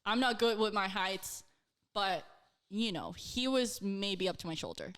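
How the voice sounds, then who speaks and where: A woman in her twenties, a podcast co-host, telling a story in casual chat, animated and full of fillers and swearing. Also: mid-range voice, a little slow, clear, resonant tone.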